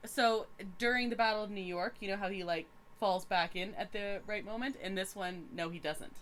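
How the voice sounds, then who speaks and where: A woman's voice: mid-range voice, normal speed, a bit bright, slight background noise. A woman from Canada co-hosting a podcast, chatting with upbeat enthusiasm. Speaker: podcast co-host and writing teacher. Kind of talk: casual chat.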